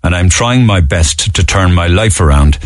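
Deep-voiced and expressive at a normal speed, a radio host chats his way through the morning papers, his news roundup sprinkled with plenty of filler ums and uhs. It's a clean studio recording without echo.

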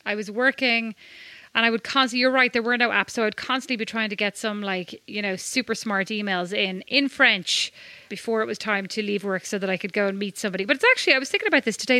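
A woman's voice: medium pitch, pushed and bright, dry recording. An Irish woman co-hosting a podcast, chatting casually and telling rambling, self-mocking stories. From Ireland. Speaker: podcast co-host. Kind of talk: casual chat.

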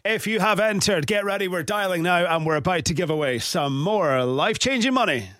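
A man's voice: high-pitched, a little fast, few pauses, a bit bright, dry recording. A man hosting a radio phone-in from a studio, teasing the caller playfully. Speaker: radio host.

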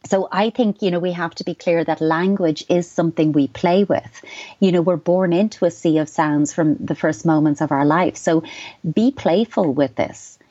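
A middle-aged Irish woman, a child psychotherapist, giving measured, reassuring advice on a radio talk show. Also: fairly low pitch, warm tone, no echo. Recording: dull dry studio sound.

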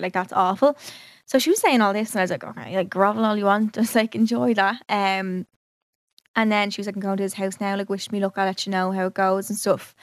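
A young woman talks through a personal story, chatty and animated. She quotes herself and others as she goes, filling her sentences with "like". Her voice sits at a middle pitch, recorded close and dry with no room sound. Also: no echo. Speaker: vlogger. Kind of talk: casual storytelling to camera.

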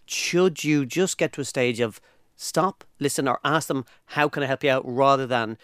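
A man's voice: medium pitch, moderate pace, fairly bright tone, clear, resonant tone, dry recording, studio quality. A man with a Dublin Irish accent co-hosting a casual chat podcast, jokey and given to mimicking accents. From Northside Dublin. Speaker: podcast co-host.

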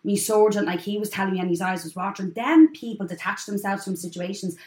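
A young Irish woman tells a personal story in an easy, chatty way, slipping into the voices of people she quotes. Her voice sits at a middle pitch for a woman. The room around her is noticeably echoey. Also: fast talker. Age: 20s. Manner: animated storyteller, acts out others' lines. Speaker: guest. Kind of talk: casual chat.

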